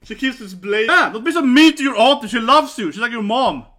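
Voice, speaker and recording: A man chatters through a live reaction, laughing and exclaiming as he goes. His voice sits high, and its tone is very bright and sharp. He keeps tagging his remarks with quick questions to the listener. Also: expressive. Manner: laughs often, exclaims, tags lines with "right?" and "man". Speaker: reaction video host. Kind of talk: excited live reaction commentary.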